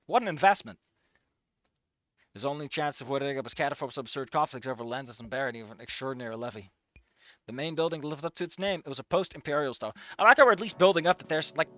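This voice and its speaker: A man's voice: high-pitched, pushed and bright, dry recording. Sarcastic man reading aloud with jokes. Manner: sarcastic, swears a lot. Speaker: reader and commentator. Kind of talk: casual reading with commentary.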